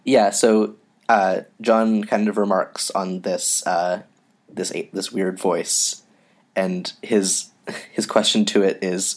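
A man co-hosting a casual podcast about a comic, talking in a hesitant, halting way full of "uh" and "um". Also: low voice, little pitch movement. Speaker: podcast co-host.

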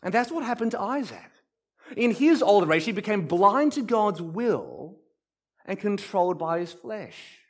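A male pastor delivers a sermon in a high voice. His pitch swings widely as he acts out quotes. He drops to near-quiet to stress a point. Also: unhurried, husky. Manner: animated preacher, acts out quotes, drops to soft emphasis.

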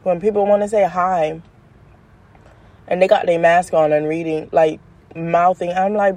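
Laid-back woman with a mellow, dark voice. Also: measured pace, pauses often. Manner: animated, slangy, jumps pitch up for emphasis and laughs mid-sentence. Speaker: podcast host. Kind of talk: casual monologue.

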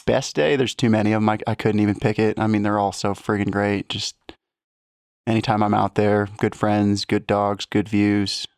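Gravelly low-voiced man chatting. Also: level tone, moderate pace, dry recording, studio quality. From lives in Colorado. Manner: easygoing, laughs at his own jokes. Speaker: podcast guest. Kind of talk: casual chat.

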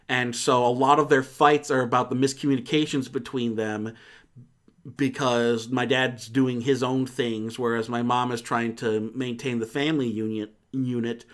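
A man's voice: medium pitch, fairly bright tone. A man hosting a casual movie review chat, rambling and cutting himself off mid-sentence. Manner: rambling, self-interrupting, laughs easily.

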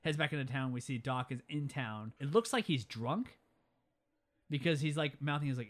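A man's voice: medium pitch, lively intonation, normal speed. A young man in casual chat, retelling a film scene by scene and quoting characters in changing voices. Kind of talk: casual movie recap chat.

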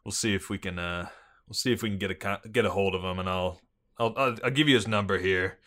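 A man's voice: deep voice, quick pace, fairly bright tone. A man voicing a blustering bald middle-aged police chief with a Boston accent in a tabletop role-play. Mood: briefing.

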